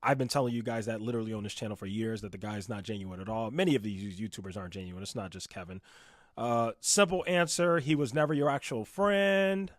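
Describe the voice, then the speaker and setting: Male reaction commentator, animated and mocking, loud bursts then muttered asides; dry close mic. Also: fast talker, dry recording. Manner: animated, mocking, swings between loud outbursts and low muttering. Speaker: commentary YouTuber.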